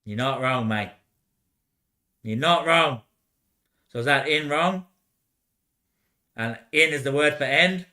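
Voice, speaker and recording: Bright-voiced man, rambling and repetitive. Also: medium pitch, takes it slowly, pauses often. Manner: repeats short phrases over and over, swears, laughs often; trails off into quiet mutters. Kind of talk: rambling casual monologue.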